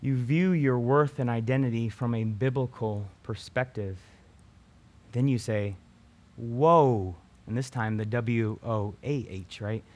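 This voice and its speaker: A man teaching a Bible passage to a group of students in a relaxed, conversational sermon. He tags his sentences with "right?" and often restarts a phrase before finishing it. His voice sits in a middle pitch. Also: unhurried. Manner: keeps adding "right?" tag questions.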